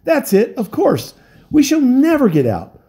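A man voicing an unhinged male stranger who yells in shrill hysteria, for a storybook reading. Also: wildly swooping pitch, measured pace, husky, exaggerated voice. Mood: hysterical.

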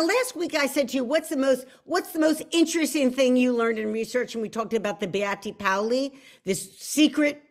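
Chatty woman hosting a livestream. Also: fairly high pitch. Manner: chatty, self-deprecating, restarts often. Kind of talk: casual livestream chat.

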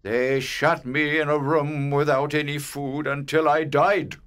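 An actor playing a proud, rude old ghost who has not slept for centuries, speaking slowly and haughtily. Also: male voice, fairly high pitch, little pitch movement, a bit bright, smooth. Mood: haughty. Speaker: ghost in a graded reader audio. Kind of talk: scripted audiobook drama.

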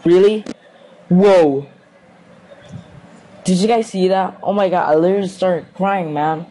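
A man's voice: high-pitched, a little fast, low-quality recording. A young man commenting casually on a horror game he is playing, anxious and pleading, rambling as he goes. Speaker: gaming video host. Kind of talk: casual let's play commentary. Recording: home recording with steady background noise.

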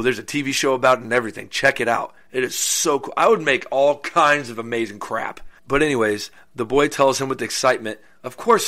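Guy telling a spooky story casually, cracking crude jokes, bright voice. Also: medium pitch. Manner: jokey, goofy asides and crude humor. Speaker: podcast host.

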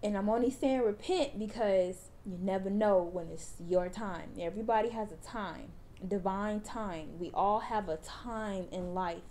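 A young woman talks straight to her viewers in a casual home vlog, mellow and warm, calling them y'all and circling back over her words. Her voice is even in pitch, with a faint hiss of background noise behind it. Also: measured pace, hardly any pauses. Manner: chatty, addresses viewers as y'all, restarts phrases. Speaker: vlogger. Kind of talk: casual vlog chat and encouragement.

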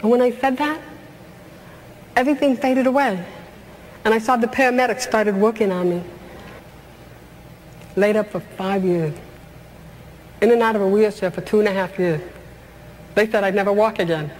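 A woman's voice: mid-range voice, fairly even intonation, normal speed, pauses often, a little mellow, a little hiss or hum. A middle-aged woman giving a motivational talk, telling her life story earnestly with humorous asides. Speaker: motivational speaker.

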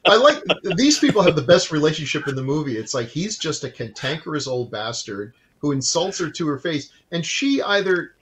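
A man's voice: a little high, very animated, moderate pace, hardly any pauses, fairly bright tone. A man co-hosting a casual film review podcast, wry and joking as he talks. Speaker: podcast co-host.

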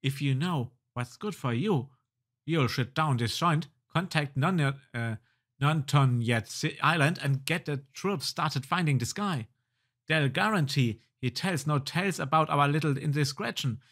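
A man's voice: a little high, measured pace, a bit bright. A man voicing a bossy, threatening male spy from a video game.

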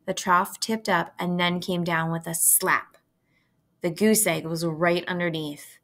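A woman reading a children's novel aloud in a steady, gentle storytelling manner. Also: fairly low pitch, unhurried.

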